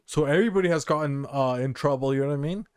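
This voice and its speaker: A man co-hosting a podcast in casual banter, rambling and filling every pause with "you know what I mean". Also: a little high, smooth, dry recording, clean studio sound. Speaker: podcast co-host.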